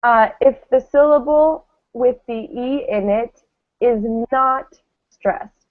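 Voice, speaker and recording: A fairly high-voiced woman leads a pronunciation class at an unhurried pace, stretching out each word so students can repeat it. Her voice comes through thin and tinny, like a phone line. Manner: slow, patient, models words for repetition. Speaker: English pronunciation teacher.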